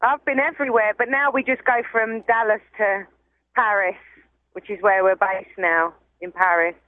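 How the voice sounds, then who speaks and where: A woman's voice: mid-range voice, steady tone, normal speed, no echo. Cockney woman on a tinny phone line. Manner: chatty, giggly. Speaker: caller. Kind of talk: casual phone call.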